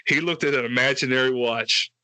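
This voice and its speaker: A man's voice: mid-range voice, a little fast, no room sound. A man telling a wild story on a casual podcast, swearing freely and acting out quotes in a raised voice. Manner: profane, animated, acts out quotes with a raised voice. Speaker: podcast co-host.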